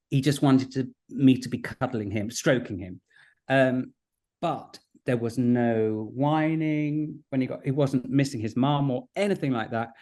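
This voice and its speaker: A man, a guest in a casual podcast chat, telling stories in a lively way and laughing often. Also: mid-range voice. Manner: chatty, quick to laugh, animated storytelling. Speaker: guest broadcaster.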